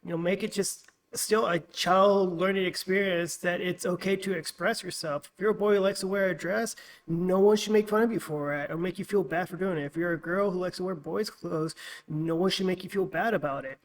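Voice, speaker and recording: A man's voice: high-pitched, steady tone, fairly quick, rough recording. A man speaking as a guest in a casual podcast chat, explaining his view earnestly and thoughtfully.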